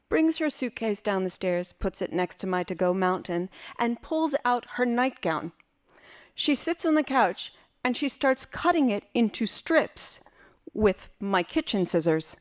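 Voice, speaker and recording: A woman's voice: on the high side, expressive, unhurried. A woman performing a personal story on stage, wry, vivid and theatrical. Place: library auditorium stage.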